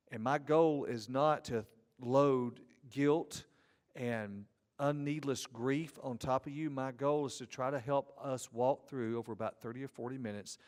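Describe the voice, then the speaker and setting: A man with a drawling Southern Georgia accent lectures in a middle-register voice, mixing teaching with folksy joking asides. His voice carries a long reverb, as if from a large church auditorium. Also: mid-range voice. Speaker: conference speaker, ethics teacher. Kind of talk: conference lecture. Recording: reverberant hall.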